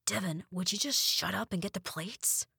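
A woman's voice: medium pitch, moderate pace, vocal fry, pushed and bright, husky, no room sound, studio quality, heavily acted. A woman voicing a kind, easygoing young brother with a casual, brotherly way of talking. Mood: impatient.

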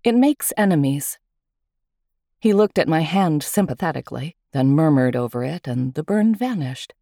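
Low, lively woman telling a story. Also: normal speed, creaky, dry recording, clean studio sound. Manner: lively, wry first-person telling. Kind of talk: storytelling narration.

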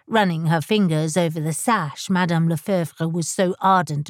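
A woman reading a historical romance novel as a measured, even narrator. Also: lowish voice, no echo, studio quality. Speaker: audiobook narrator. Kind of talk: scripted narration.

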